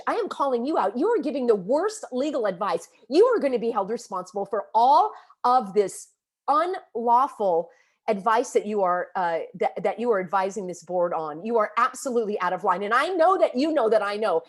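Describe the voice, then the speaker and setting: An upset, agitated woman delivers a vlog rant straight to her viewers. Her voice sits high and swings widely as she scolds and calls people out, every point pressed with emphatic indignation. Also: sing-song, normal speed. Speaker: vlogger and activist. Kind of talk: impassioned direct-to-camera rant.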